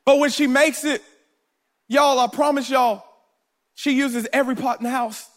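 A man's voice: very high voice, steady tone, normal speed. A male pastor giving a live sermon in a church, telling stories with humor and talking straight to the congregation. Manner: playful, storytelling, talks straight to the congregation.

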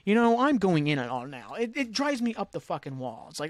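A man's voice: high voice, very animated, fairly quick, few pauses, no room sound. A man hosting a casual podcast, ranting in a frustrated, profane, rambling way. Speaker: podcast host. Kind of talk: casual solo podcast rant.

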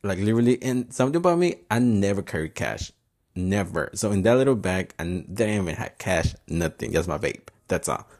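Chatty low-voiced man swearing through a story. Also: quick pace, few pauses, darkish tone. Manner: chatty, swears often, slips Spanish words in. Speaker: podcast host. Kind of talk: casual storytelling monologue.

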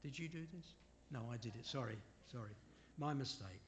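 A man preaching a sermon in an unhurried way, asking his listeners rhetorical questions and making apologetic asides. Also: medium pitch, expressive, a bit bright, a little hiss or hum. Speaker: preacher leading a Bible study.

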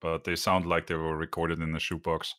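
A man's voice: rumbling low, monotone, brisk, fairly bright tone, clean tone, no echo, studio quality. A man chatting casually about video games in a matter-of-fact way.

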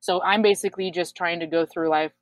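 Low-voiced woman, candid and blunt. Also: fairly even intonation, fairly quick, no room sound. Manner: frank, swears freely, many fillers. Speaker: guest sharing her story. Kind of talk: candid casual chat.

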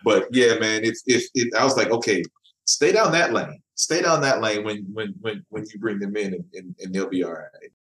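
Male comic writer, podcast guest, casual and halting, somewhat low voice, roomy echo. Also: fairly bright tone. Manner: repeats words while finding his thought. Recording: echoey room.

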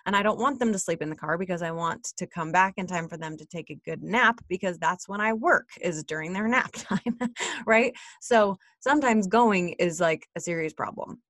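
A woman's voice: fairly low pitch, moderate pace, fairly bright tone, no room sound, clean studio sound. A woman in her thirties, a mother, telling a candid personal story in a chatty way and often checking in with "right?".

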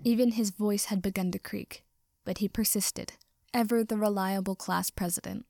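Woman narrating a story softly. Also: mid-range voice, steady tone, moderate pace, creaky, dry recording, clean studio sound. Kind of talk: storybook reading of fan fiction.

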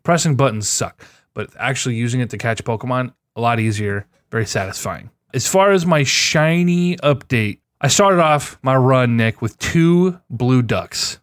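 An excitable man chats casually about his video game catches, swearing often and jumping into loud bursts. His voice sits at an ordinary middle pitch. The sound is close and dry, with no room around it. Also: moderate pace, no echo. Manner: excitable, profane, storytelling. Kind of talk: casual gaming chat.

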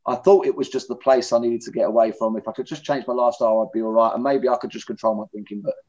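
A man's voice: medium pitch, steady tone, fast talker, darkish tone. A middle-aged man, candidly telling his own story in an interview, blunt and plain-spoken. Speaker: interviewee in recovery. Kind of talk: personal testimony in conversation. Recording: dull lo-fi recording.

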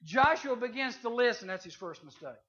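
A man, speaking at a chapel to junior high students in a folksy, animated storytelling sermon. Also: normal speed. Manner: animated, folksy, acts out voices. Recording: slightly dull, faint hiss.

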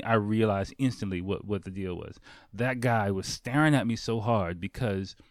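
A man's voice: fairly low pitch, a little mellow, no echo, studio quality. A man from the United States telling a casual anecdote, laid-back and full of fillers, laughing often. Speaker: storyteller.

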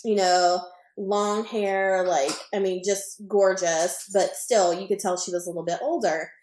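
A woman's voice: medium pitch, a little slow. Rambling woman telling a story, echoey room. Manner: rambling, filler-heavy, animated retelling. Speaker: podcast co-host. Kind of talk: casual anecdote telling.

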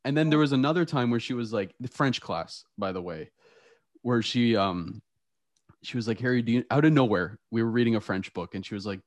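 A man's voice: medium pitch, fast, no echo. A young man hosting a podcast, chatting casually and telling stories with frequent laughter. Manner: animated storytelling, laughs often. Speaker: podcast host. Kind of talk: casual chat.

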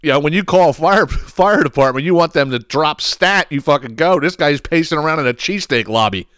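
A man's voice: on the high side, brisk, fairly bright tone, clear, resonant tone, no echo, studio quality. A man hosting a podcast, telling a rambling, profane story in a casual monologue and laughing as he goes. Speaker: podcast host.

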